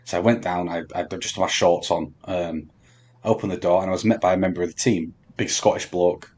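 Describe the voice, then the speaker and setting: A man telling a long story on a podcast, halting with many ums and restarts. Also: deep voice, steady tone, darkish tone, breathy edge. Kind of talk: casual storytelling chat.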